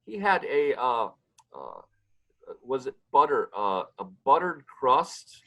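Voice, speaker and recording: A man talking casually as a podcast guest, with a voice of middling pitch. He rambles and trails off mid-sentence while he hunts for names, then picks the thread back up. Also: sing-song, slow, sharp tone, lo-fi sound. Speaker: guest, pizzeria owner and pizza competition emcee.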